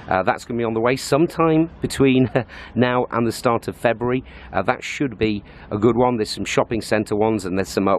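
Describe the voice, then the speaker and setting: A British man in a casual travel vlog talks straight to his camera. He explains things at an easy, chatty clip, often pausing on "uh", in an ordinary mid-range voice. Faint street noise sits behind him. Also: mid-range voice. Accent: British English. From Britain. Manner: chatty, explanatory, with frequent "uh" fillers. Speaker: travel vlogger. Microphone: handheld compact camera.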